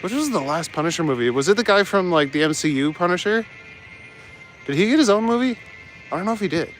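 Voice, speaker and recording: A man's voice: high voice, animated, fast talker, a bit bright, soft background music, low-quality recording. A man hosting a live stream while walking city streets at night, casually chatting and joking with viewers as he reads their messages aloud.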